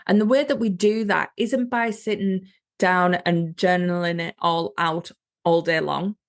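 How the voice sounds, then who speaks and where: A woman's voice: on the low side, steady tone, unhurried. A woman hosting a solo podcast, speaking earnestly and motivationally to her listeners as a business coach.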